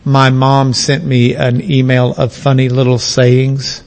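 Male lecturer from the US, slow, deliberate delivery, lively pitch, reverberant hall. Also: gravelly. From United States. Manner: animated, emphatic, repeats key words. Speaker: lecturer in biblical languages. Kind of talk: classroom lecture.

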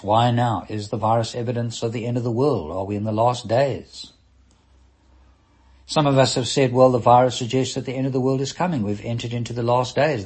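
A middle-aged man preaching a sermon in a husky, slightly breathy voice. He speaks earnestly as a minister, lifting and dropping his emphasis as he drives each point home. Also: medium pitch, darkish tone.

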